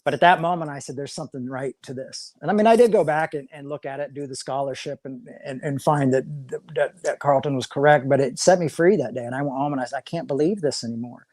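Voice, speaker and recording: A man's voice: mid-range voice, fast, hardly any pauses, darkish tone, no echo. A man, a pastor, talking casually in an interview, rambling with many restarts and repeated words.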